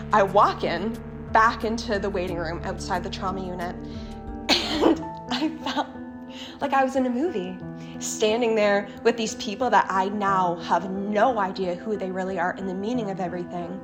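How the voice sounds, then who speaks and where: A young woman speaks as an interview guest, recounting a painful family story with raw candor and a few curse words. Her voice sits at an ordinary middle pitch. Music plays clearly beneath her. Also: a little slow. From Canada. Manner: candid and emotional, with frequent swearing. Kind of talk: personal storytelling.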